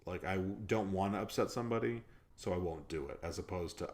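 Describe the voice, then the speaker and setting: A man's voice: low-pitched, fast, darkish tone. A man hosting a podcast, talking in a rambling, self-deprecating way with lots of fillers. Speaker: podcast host. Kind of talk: casual chat.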